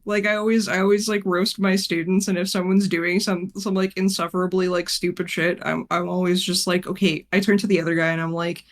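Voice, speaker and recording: A woman teacher chatting casually on a game stream, telling a rambling story, swearing freely and laughing often. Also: mid-range voice. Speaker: art teacher and tabletop game player.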